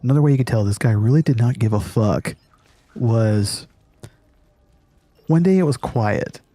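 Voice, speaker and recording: A man's voice: medium pitch, expressive, normal speed, warm tone, no room sound. A man hosting a gaming channel, telling a story casually, laughing often and swearing freely. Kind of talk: casual storytelling over gameplay.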